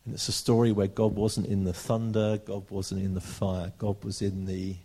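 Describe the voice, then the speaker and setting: A British man preaching a sermon, reading scripture aloud and slowing down for emphasis. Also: on the low side, completely flat delivery, warm tone, husky. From Britain. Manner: earnest, slows down for emphasis, reads scripture aloud.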